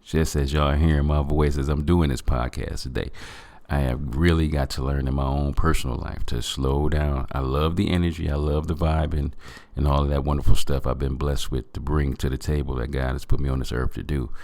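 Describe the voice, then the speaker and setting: Super deep voiced guy doing a motivational podcast, earnest, kinda preachy, dry sound. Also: steady tone, brisk, creaky, a little mellow, no room sound. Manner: earnest, preachy, addresses listeners as family. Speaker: podcast host.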